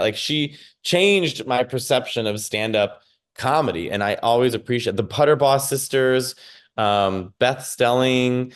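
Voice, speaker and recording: A man with a Chicago accent, a comedian talking casually in an interview from home over a remote call, rambling with lots of fillers and restarts. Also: mid-range voice. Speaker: stand-up comedian, guest.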